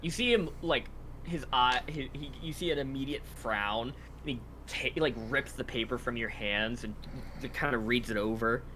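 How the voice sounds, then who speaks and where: A man narrating a tabletop game as game master, halting with frequent fillers. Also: mid-range voice, sharp tone, slight background noise.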